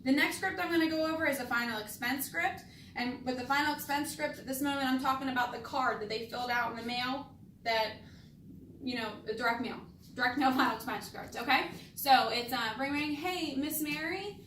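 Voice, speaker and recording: A woman's voice: high voice, fairly quick, fairly bright tone, a little hiss or hum. A woman teaching insurance appointment setting, acting out phone scripts and stressing key words on purpose. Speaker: insurance sales trainer. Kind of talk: training talk with demonstrated phone scripts. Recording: echoey room, voice from a distance.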